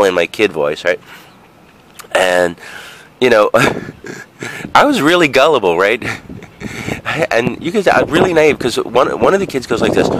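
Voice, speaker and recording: In a casual storytelling monologue, a man in his forties vlogs about his childhood, rambling and swearing with plenty of fillers and asides. His medium-pitched voice is sing-song and fairly bright, at normal speed with long pauses.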